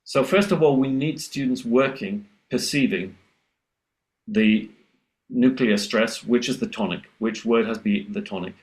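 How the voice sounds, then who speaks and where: A man teaching pronunciation on a webinar panel over a video call, explaining at length and acting out his students in a higher voice. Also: a little slow. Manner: lively, acts out students' voices in a higher pitch.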